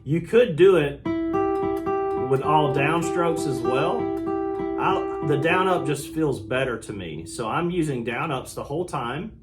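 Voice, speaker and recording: A middle-aged man giving a relaxed, casual guitar lesson, explaining strumming and sometimes scatting the rhythm. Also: on the high side, measured pace. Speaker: guitar teacher. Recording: loud guitar under the voice. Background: acoustic guitar playing.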